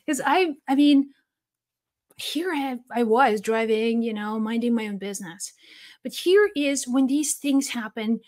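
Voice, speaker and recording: A woman hosting a spiritual channel, telling a personal story in an earnest, heartfelt way. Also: sits high. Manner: earnest, heartfelt, with soft laughs and restarts.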